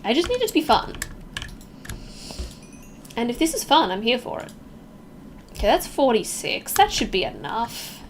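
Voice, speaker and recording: A woman's voice: fairly high pitch, very animated, moderate pace, long pauses, slight background noise. A young woman from Melbourne with an Australian accent, chatting casually with viewers while streaming a game, reacting aloud and joking at her own expense.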